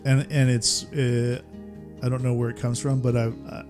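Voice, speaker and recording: Animated, laughing middle-aged man chatting. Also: medium pitch, moderate pace, music in the background. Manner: animated storyteller, laughs often. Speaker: podcast co-host. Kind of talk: casual chat.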